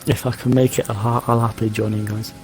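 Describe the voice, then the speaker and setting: Flat-voiced man with a sore throat. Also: on the low side, fast talker, music in the background, rough recording. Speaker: podcast guest. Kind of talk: casual chat.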